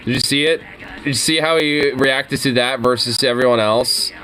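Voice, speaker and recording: A man's voice: mid-range voice, moderate pace, music in the background. A young man giving casual reaction commentary, ranting with heavy profanity and frequent laughter.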